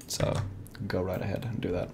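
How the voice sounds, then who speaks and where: A man's voice: low voice, level tone, brisk, gravelly, a little mellow, slightly rough. A young man co-hosting a live gaming show in casual chat, rambling with lots of fillers and restarts. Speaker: co-host of a fan-made live gaming show.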